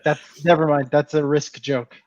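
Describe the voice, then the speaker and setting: Playful male jokester, slightly higher voice, dull line. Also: flat delivery, normal speed, darkish tone, no room sound. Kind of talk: casual comedic banter.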